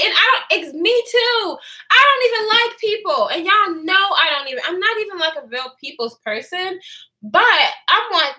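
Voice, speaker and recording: A woman's voice: high voice, animated, normal speed, pushed and bright. A woman in her twenties chatting in a candid storytime vlog, profane and chatty, answering comments. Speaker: vlogger. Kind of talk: storytime chat with live comments.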